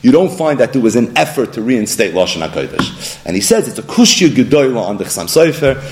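A man giving a Torah lesson in an animated way, acting out the people he quotes and weaving in Hebrew and Aramaic terms. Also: mid-range voice, a little fast. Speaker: Torah teacher.

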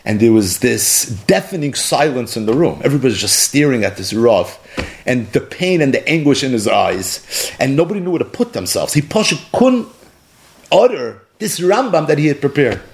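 A man giving a storytelling sermon, a dramatic teller who drops low and slow for emphasis and mixes Hebrew and Yiddish terms into his English. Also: big pitch swings, vocal fry.

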